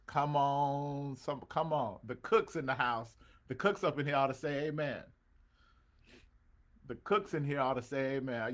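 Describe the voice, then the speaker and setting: A man speaking at normal speed in a mid-range voice hosts an online show as a pastor, talking casually with his congregation on a livestream. He calls out to viewers by name, with swells like a preacher's.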